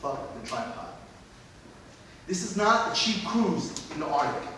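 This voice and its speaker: A scornful film snob rants and swears in a fairly high male voice, played by a man at a stage reading. It sounds distant and boomy, like a hall picked up from across the room. A faint hiss runs underneath. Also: sing-song, measured pace. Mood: indignant. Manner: indignant, ranting, profane. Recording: echoey hall, mic far off, faint hiss.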